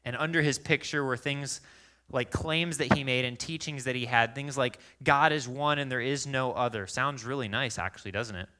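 A man preaching a sermon in a conversational, animated way, acting out little quoted exchanges as he tells stories. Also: medium pitch, normal speed. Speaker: pastor.

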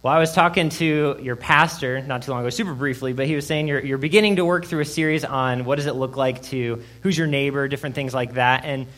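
A young man, a guest preacher, praying and then telling a story in a lively, chatty sermon. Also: mid-range voice, quick pace, few pauses. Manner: lively, conversational storyteller, many asides. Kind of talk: sermon with prayer and personal story.

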